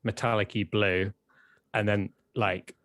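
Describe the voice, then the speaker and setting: A relaxed British man co-hosting a livestream, thinking aloud in a hesitant way. His voice sits fairly low and is recorded dry and close, with no room sound. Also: a little slow, no echo. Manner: relaxed, hesitant, lots of ums and sort ofs. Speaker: co-host. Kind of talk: casual livestream chat.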